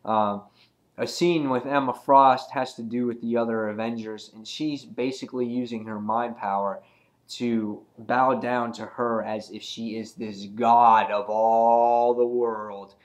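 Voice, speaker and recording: A man's voice: medium pitch, steady tone, unhurried. A man giving a casual comic book review, chatty and rambling with many ums and uhs.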